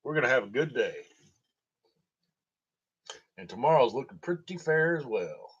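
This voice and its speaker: A man's voice: mid-range voice, big pitch swings, moderate pace, slightly rough. A man from Tennessee, rambling through comic stories and laughing at his own jokes. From Tennessee, USA. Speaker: storytelling vlogger. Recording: dull lo-fi recording.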